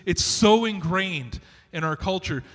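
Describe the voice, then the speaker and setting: A man preaching in a church sanctuary, his voice high and bright, carried by a long hall reverb. He speaks in an animated, conversational way, with restarts and asides to the congregation. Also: unhurried. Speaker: pastor. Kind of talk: sermon.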